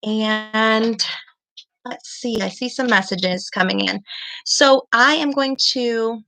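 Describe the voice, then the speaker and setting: A young woman teaching a second grade class over a live stream, praising students warmly and spelling things out slowly. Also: a little high, vocal fry. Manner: encouraging, slow and deliberate with children.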